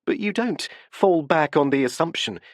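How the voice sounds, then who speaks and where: A man's voice: on the high side, animated, normal speed, dry recording, voice pushed up, close to an everyday voice. Man reading earnest young man, urgent, slightly raised, dry studio sound. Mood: anxious.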